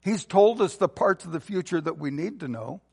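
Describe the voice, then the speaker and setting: High gravelly preacher in a reverberant hall. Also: male voice, animated, normal speed. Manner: earnest preaching with rising emphatic peaks and soft low endings. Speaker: pastor. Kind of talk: sermon.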